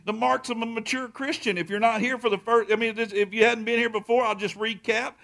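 A man preaching a sermon as pastor, telling a story with loud excited peaks and quiet low stretches. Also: brisk, gravelly, hardly any pauses.

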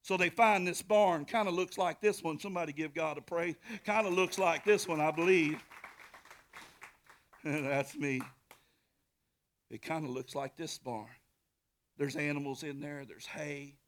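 Man, pastor, high voice, animated sermon, shouts and whispers. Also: unhurried, pauses often, slight background noise. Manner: animated storytelling, swings from shouting to whispers, calls to the congregation.

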